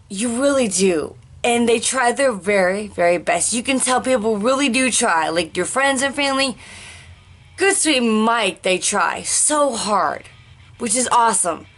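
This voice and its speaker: A woman talking candidly in a personal vlog, rambling and searching for words with restarts and sighs, speaking slowly and deliberately. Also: medium pitch, a bit bright. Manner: slow, deliberate pacing. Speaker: vlogger sharing life after a stroke.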